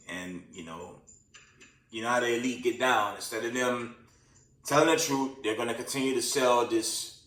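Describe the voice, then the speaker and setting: A man's voice: mid-range voice, pushed and bright, far from the mic. A tired man hosting casual news commentary with prophecy talk, rambling with many fillers and restarts. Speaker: host of a news commentary channel. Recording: roomy sound, away from the mic.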